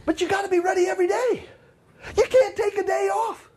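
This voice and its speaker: A middle-aged man with a very high voice runs a live customer service training seminar at a brisk pace. He's animated, cracks jokes, and acts out customers.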